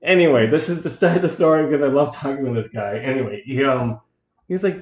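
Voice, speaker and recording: A man's voice: mid-range voice, quick pace, darkish tone, reverberant. A man with an ordinary mid-range voice chats loosely on a podcast, wandering through his stories and breaking into laughter as he talks. The room rings around him. The audio is dull and lo-fi. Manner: rambling, laughs mid-sentence, swears casually. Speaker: podcast co-host. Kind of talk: casual podcast chat.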